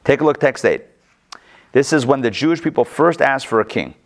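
A man teaching a text-study class at a mid-range pitch, talking conversationally. He keeps asking his listeners rhetorical questions. His pitch swings up and down for emphasis. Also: expressive, brisk.

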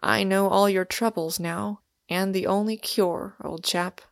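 A woman reading the part of a sullen young male undergraduate who speaks with soft, unsettling tenderness. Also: fairly even intonation, measured pace, vocal fry, no room sound, clean studio sound. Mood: gently menacing. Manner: soft, low-key tenderness.

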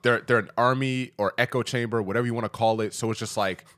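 A young man co-hosting a podcast in casual chat, talking haltingly and earnestly and repeating his words. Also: medium pitch, fairly even intonation, a bit bright. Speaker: podcast co-host.

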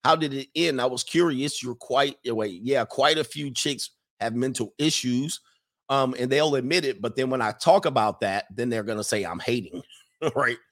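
A man hosts his streaming podcast in a loose, casual monologue, answering viewer questions as he goes. He talks with animation, laughs often, and repeats lines to drive a point home. His pitch sits at an ordinary middle for a man. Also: normal speed, a bit bright.

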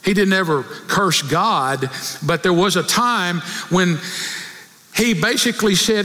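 A man preaching a sermon, acting out prayers and rising to near shouts. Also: high voice, unhurried, in a large hall.

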